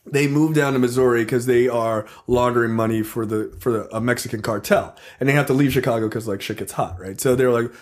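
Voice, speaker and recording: Animated, swearing podcast man. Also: medium pitch, fairly quick, hardly any pauses. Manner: animated storytelling, swears freely, acts out scenes. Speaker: podcast co-host. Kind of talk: casual chat.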